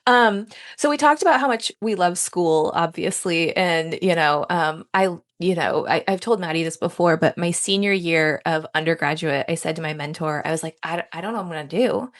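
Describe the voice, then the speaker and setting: A woman's voice: on the low side, normal speed, hardly any pauses. Chatty, enthusiastic woman co-host. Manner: chatty and enthusiastic, many fillers. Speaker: podcast co-host. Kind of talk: casual conversation.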